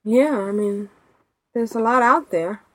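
A woman hosting a podcast in casual chat, animated and chatty, laughing often, talking over a remote call mic. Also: a little high, a little slow, no echo. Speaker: podcast host.

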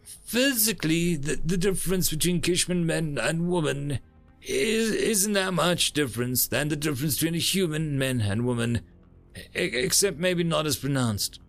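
A man's voice: fairly high pitch, animated, normal speed, a bit bright, faint music behind, voice pushed up. A man voicing a shy young male horned alien who stumbles and hesitates as he talks. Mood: hesitant.

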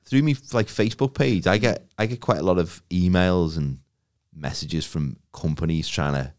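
A man's voice: sits low, normal speed, darkish tone. A man, telling stories with jokes and acting out the voices in a casual podcast chat. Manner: jokey storytelling, acts out quotes. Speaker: podcast co-host.

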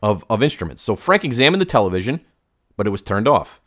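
Lively joking man telling stories. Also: on the low side, fast talker. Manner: lively, jokey, tells stories with put-on quotes. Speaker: podcast co-host. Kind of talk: casual chat, storytelling.

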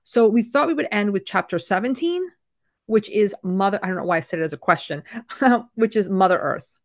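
A woman's voice: mid-range voice, animated, brisk, no room sound, studio quality. A woman co-hosting a podcast, chatting casually and emphatically about a book. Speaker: podcast co-host.

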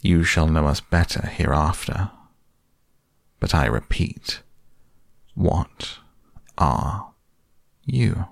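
A man's voice: sits low, animated, extremely slow, vocal fry, pauses often, no echo, clean studio sound, full character voice. A man voicing a proud, cold and stern tall queen who speaks imperiously. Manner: imperious, haughty.

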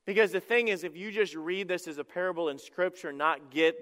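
A middle-aged male pastor preaching from the stage in a church, with a high, smooth, resonant voice. He tells stories in a chatty, self-deprecating way, full of quick restarts. The sound carries a long hall echo. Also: fairly bright tone. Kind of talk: sermon. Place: church sanctuary.

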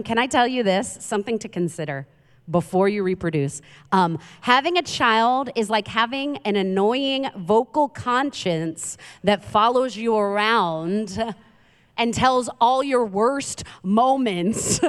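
A woman's voice: fairly high pitch, lively intonation, unhurried, smooth. A woman from Queens, preaching a humorous sermon as a guest speaker with chatty, self-deprecating storytelling. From Queens, New York. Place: church sanctuary. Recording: long hall reverb.

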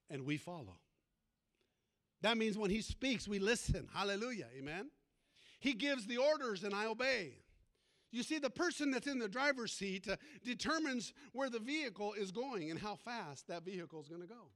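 A male pastor preaching a sermon with a very high, bright, forceful voice. He tells a story and breaks off to call out for amens and praise from the congregation.

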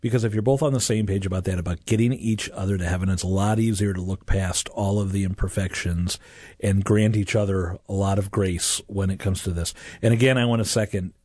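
A man's voice: sits low, fairly even intonation, a little fast, a little mellow, breathy edge, no room sound. A man hosting a faith-based radio talk show from a studio, talking in an earnest, encouraging way.

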